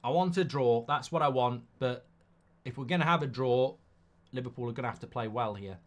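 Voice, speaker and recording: A man's voice: mid-range voice, brisk, a bit bright. A middle-aged man, hosting a live football watchalong in a chatty way and reading out viewer comments. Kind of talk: casual live-stream chat.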